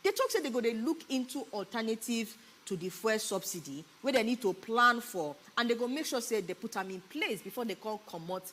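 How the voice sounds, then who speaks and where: A woman's voice: a little high, lively intonation, fairly quick, fairly bright tone, slight background noise. A woman with a Nigerian accent co-hosting a talk show, explaining the news in a chatty way and checking in with her co-host with tag questions. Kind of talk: casual Pidgin news discussion. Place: broadcast studio.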